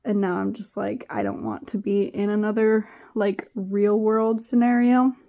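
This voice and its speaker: A young woman vlogging in a casual, rambling way, sounding low and tired, trailing off into fillers. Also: lively intonation, measured pace, dark tone. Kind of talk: casual vlog chat.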